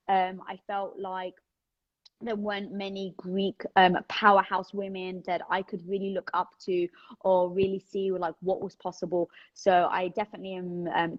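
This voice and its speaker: A woman with a British accent hosts a casual livestream from home, answering viewers' questions in a chatty, candid, energetic way that tends to ramble. Her voice sits at an ordinary pitch for a woman. The phone audio sounds a little dull and lo-fi. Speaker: host of a livestream.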